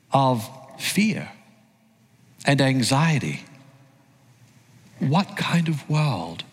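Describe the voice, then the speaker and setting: An Australian man in his forties preaching a sermon, telling his story earnestly and building to emphatic peaks. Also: mid-range voice. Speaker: pastor. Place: large church hall. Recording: long hall reverb.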